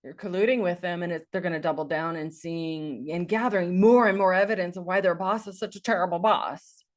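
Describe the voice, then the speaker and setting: A woman's voice: fairly low pitch, fairly even intonation, fairly quick. A woman life coach giving an earnest, encouraging talk, repeating phrases for emphasis.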